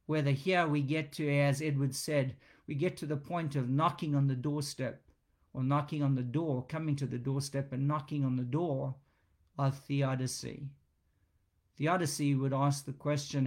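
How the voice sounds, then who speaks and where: A man preaching an expository sermon, emphatic and deliberate, repeating phrases for stress. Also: mid-range voice, darkish tone.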